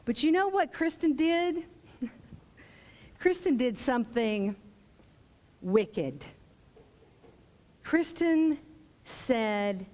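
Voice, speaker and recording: A woman's voice: high voice, lively intonation, drawn-out words, pauses often, darkish tone. A woman giving a motivational keynote, theatrical and emphatic, calling out to the audience for responses. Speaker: keynote speaker.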